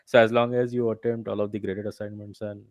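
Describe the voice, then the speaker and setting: Low-voiced male instructor on a call. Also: flat delivery, fast talker, a little mellow, dry recording. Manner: explains step by step, checks with "right?". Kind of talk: live online revision session. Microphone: video call.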